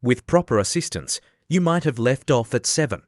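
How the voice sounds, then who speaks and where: A haughty, touchy egg man, voiced by a man reading an audiobook. He lectures and quibbles in a self-important way, at a middle pitch. The sound is dry and close, with no room around it. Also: expressive, no echo, lightly acted. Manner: haughty, argumentative and quick to take offence.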